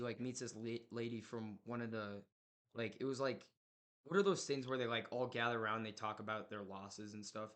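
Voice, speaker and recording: Young man, casual chat, rambling, filler-heavy, slangy, mid-pitched. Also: a bit bright. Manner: rambling, full of "like" and "right?", slangy. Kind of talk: casual chat retelling a horror movie.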